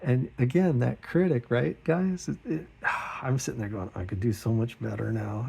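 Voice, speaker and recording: A middle-aged man hosting an art channel, chatting in a relaxed, rambling, self-deprecating way while he draws, often chuckling and acting out what others said in a higher voice. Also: normal speed, gravelly, husky. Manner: acts out quoted remarks in a higher voice. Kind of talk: relaxed chat while drawing.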